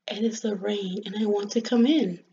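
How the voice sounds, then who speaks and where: A woman voicing the rain as a soft, gloomy, persistent little voice, speaking in a plaintive way. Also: high-pitched, animated, slow pace, vocal fry, a little hiss or hum, full character voice. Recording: slightly dull lo-fi recording.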